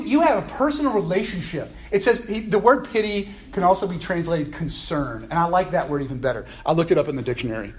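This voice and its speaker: Animated preacher man, slightly high voice. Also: fairly quick, hardly any pauses. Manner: conversational, animated, playful asides. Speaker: pastor. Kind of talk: sermon.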